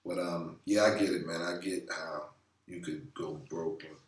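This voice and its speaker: A man with a deep voice and fairly even intonation talks casually about money in a talking-head vlog, loose, profane, rambling and full of fillers. He speaks at a moderate pace, a bit off a distant mic, with roomy echo.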